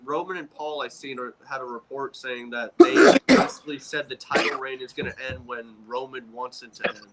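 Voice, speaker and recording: A man's voice: medium pitch, a little fast, few pauses, a loud crowd, low-quality recording. A man co-hosting a wrestling podcast, talking in a blunt, slangy, frustrated way. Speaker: podcast co-host. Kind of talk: casual wrestling chat.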